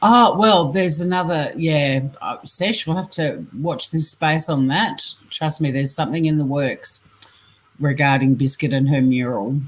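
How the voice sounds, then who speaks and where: Low-voiced Australian woman chatting on stream. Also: measured pace. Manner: chatty, laughs often, swears casually. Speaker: scambaiting livestream host. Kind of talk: casual livestream chat reading messages aloud.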